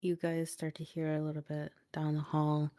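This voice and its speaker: Low-voiced woman narrating as game master. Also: monotone, normal speed, warm tone, no room sound, studio quality. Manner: descriptive, addressing players directly.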